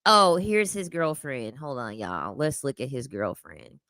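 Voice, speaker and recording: Bright, sassy young woman commentator. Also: rumbling low, very animated, measured pace, dry recording. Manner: sassy, laughing, conversational slang. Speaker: commentary host. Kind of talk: casual reaction commentary.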